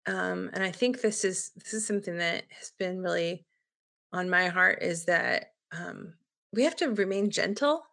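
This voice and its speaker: Bright-voiced earnest woman guest. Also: fairly low pitch, measured pace, gravelly. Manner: earnest, reflective, many fillers. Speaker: podcast guest. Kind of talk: casual faith-based chat.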